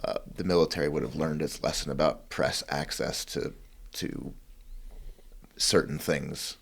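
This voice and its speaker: Deep voiced guy hosting a podcast, casual, lots of restarts. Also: fairly even intonation, gravelly, slightly rough. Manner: brief agreeing interjections, halting restarts. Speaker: podcast host. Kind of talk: casual chat.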